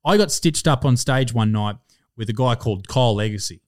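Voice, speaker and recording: A man's voice: medium pitch, brisk, no echo, clean studio sound. Swearing Australian man telling stories. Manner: swears constantly, rambling and animated. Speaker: stand-up comedian and podcast guest. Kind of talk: casual storytelling chat.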